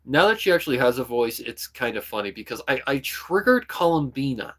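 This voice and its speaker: A young man streaming, chatting casually and rambling about voicing characters, often breaking into quick voice demos. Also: mid-range voice, big pitch swings. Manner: rambling, full of "kinda" and "like", jumps into voice demos. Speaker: streamer and hobby voice actor. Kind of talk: casual livestream chat.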